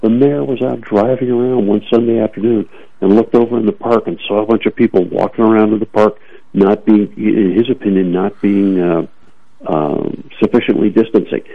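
Low gravelly man on a tinny line. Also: steady tone, moderate pace. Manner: emphatic, repeats words when starting sentences. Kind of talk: opinionated talk radio discussion. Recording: tinny phone-line sound.

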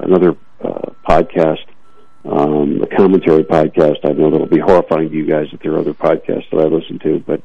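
A man's voice: low-pitched, gravelly. A man giving emphatic, opinionated commentary on talk radio, often repeating words as he starts a thought, heard over a tinny phone-like line.

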